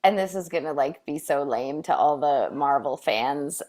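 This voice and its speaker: A woman's voice: low-pitched, expressive, moderate pace, few pauses, darkish tone. A woman co-hosting a casual chat, rambling with many fillers and frequent laughs. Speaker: co-host.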